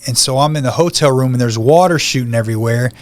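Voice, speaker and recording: A man's voice: mid-range voice, quick pace, no echo. Man telling his story, casual. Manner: conversational storytelling, acts out quoted lines. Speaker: podcast guest. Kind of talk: personal testimony.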